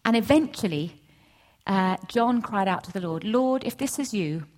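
Animated woman telling a story. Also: normal speed. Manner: animated storytelling, acts out voices with big pitch jumps. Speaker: church speaker. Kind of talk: testimony sermon.

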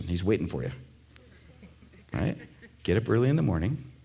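A man's voice: fairly low pitch, gravelly, warm tone, breathy edge. A man preaching a sermon to a congregation in a conversational way, with asides and jokes. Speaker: pastor.

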